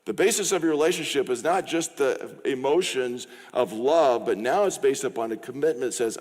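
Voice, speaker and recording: A man's voice: mid-range voice, normal speed, few pauses, darkish tone. A middle-aged man preaching a sermon as pastor, in a conversational way, acting out short quoted exchanges. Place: church sanctuary. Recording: long reverb of a church hall.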